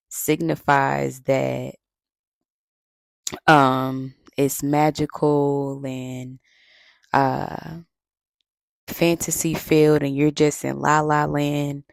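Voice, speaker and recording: A woman with a very deep, gravelly voice gives casual, slangy advice to her channel's viewers about self-love and healing. She talks slowly and sounds a touch out of breath. The recording is dry, with no room sound. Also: no room sound, poor audio. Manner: relaxed, conversational, uses slang and fillers. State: a little out of breath. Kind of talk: casual talking-to-camera advice.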